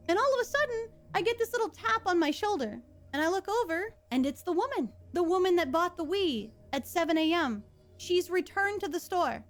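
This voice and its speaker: A woman narrating a first-person work story in a lively way, with small stumbles. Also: very high-pitched.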